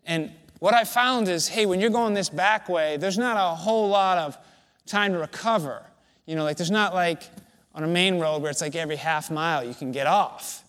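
A man preaching as a pastor, his voice sitting a little higher than most men's. He tells a personal story in a relaxed, conversational and self-deprecating way. His words ring out with a long reverb, as if in a large hall. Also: normal speed. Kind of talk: sermon.

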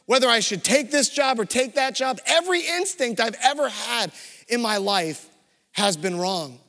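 A gloomy, self-pitying balding man whines that nothing in his life goes right, as a preacher acts him out. The voice is high and bright. A long echo from a large hall hangs behind it. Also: expressive, normal speed, gravelly, exaggerated voice.

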